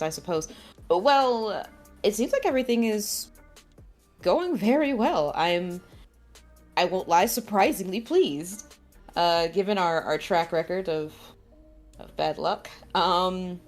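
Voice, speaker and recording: Casting: low-voiced woman player, courteous, stumbling over her words. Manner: halting, polite, searches for words. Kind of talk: in-character tabletop play.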